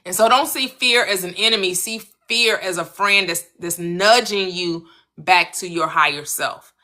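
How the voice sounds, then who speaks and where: Bright-voiced woman coaching on manifestation. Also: measured pace. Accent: American. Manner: earnest, coaching, repeats phrases, lively swings in pitch. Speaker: manifestation channel host. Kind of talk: motivational spiritual talk.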